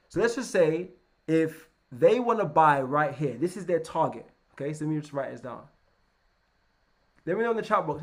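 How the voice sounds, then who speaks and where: Energetic man coaching a trading lesson. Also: on the high side. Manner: energetic, keeps checking in with "right?"; repeats and restarts words. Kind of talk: live online trading lesson.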